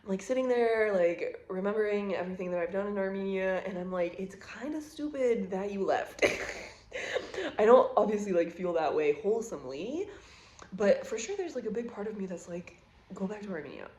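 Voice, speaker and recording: A woman's voice: mid-range voice, lively intonation, moderate pace, a little mellow, reverberant. A woman in her thirties telling a personal story to camera in a chatty, emotional way, full of "like". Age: 30s. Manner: chatty, emotional, heavy use of "like". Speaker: vlogger.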